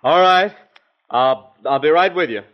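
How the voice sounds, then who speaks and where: A man's voice: on the high side, animated, unhurried, lo-fi sound. An actor playing a nervous young man pushed into a duel, with a hesitant, folksy, stammering manner, in a 1950s radio drama.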